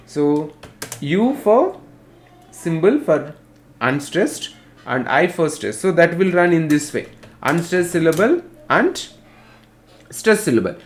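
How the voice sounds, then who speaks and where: An Indian English man teaches literature over an online class at a slow, careful pace. He spells out terms letter by letter and repeats each definition so students can note it down. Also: a little high.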